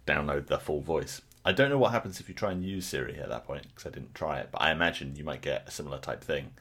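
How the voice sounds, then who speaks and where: A man's voice: extremely low pitch, fast, fairly bright tone, husky. A man co-hosting a podcast, chatting casually about tech and laughing at his own stories. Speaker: podcast co-host.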